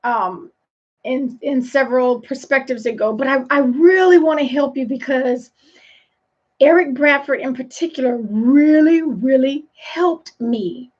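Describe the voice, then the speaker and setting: A woman's voice: high-pitched, measured pace, darkish tone. A woman leadership coach giving an emphatic motivational live talk, often repeating phrases for weight. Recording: dull lo-fi sound.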